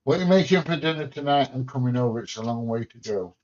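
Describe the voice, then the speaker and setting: Fast and lively in intonation, this English man's mid-range, darkish voice carries his home livestream as he reads viewer comments, chatting casually and bluntly, joking and swearing mildly. It's captured as dull lo-fi stream audio.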